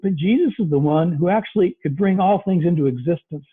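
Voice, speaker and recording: A man's voice: high-pitched, fairly quick, breathy edge. A man preaching a conversational sermon as pastor, with many fillers. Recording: tinny phone-like recording.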